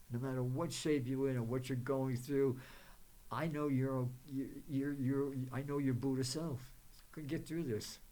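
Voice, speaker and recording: Man hosting his own psychic talk show, mid-range voice, rambling delivery with gentle affirmations. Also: mid-range voice. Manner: rambling, many fillers and restarts. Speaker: psychic and spiritual show host. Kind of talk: rambling spiritual talk to viewers.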